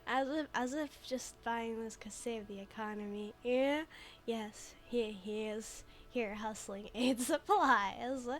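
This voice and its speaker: Young woman streamer, giggly and chatty, kinda high voice, reads the game lines out loud. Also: slow pace. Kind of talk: gameplay commentary.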